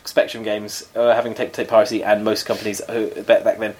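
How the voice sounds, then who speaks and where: A man in casual podcast chat, talkative and quick to laugh, with mock-indignant asides. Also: on the low side, little pitch movement, a little mellow. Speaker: podcast co-host.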